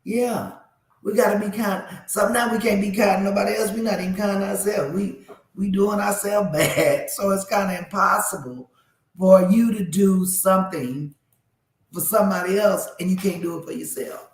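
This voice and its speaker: A man's voice: sits high, fairly even intonation, moderate pace, reverberant, low-quality recording. A man hosting a faith-based radio show, talking casually and preaching straight to his listeners about kindness.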